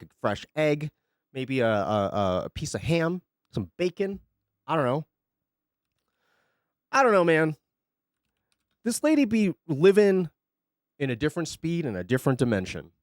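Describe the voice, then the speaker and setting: A man's voice: a little high, darkish tone, no echo. A young man chatting on a live stream, rambling, sarcastic and profane, close to a desk mic at home. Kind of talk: casual chat on a live stream.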